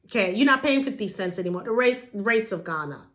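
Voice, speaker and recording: A woman's voice: animated, a little fast, a bit bright. A woman from New York hosting a passionate monologue to camera, in casual vernacular, firing off repeated rhetorical questions. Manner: casual vernacular, sudden jumps in pitch. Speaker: vlog host.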